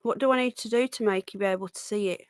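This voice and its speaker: A woman's voice: mid-range voice, fast, no room sound, clean studio sound. A woman hosting a live stream, chatting and rambling as she greets viewers and often breaks off mid-sentence. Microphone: close desk microphone.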